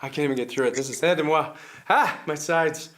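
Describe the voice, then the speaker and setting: A man's voice: on the high side, a little fast, a bit bright, natural voice. A man playing a sarcastic political strategist in a comedy sketch, who laughs at his own lines. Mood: smug. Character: scheming male political strategist coaching activists.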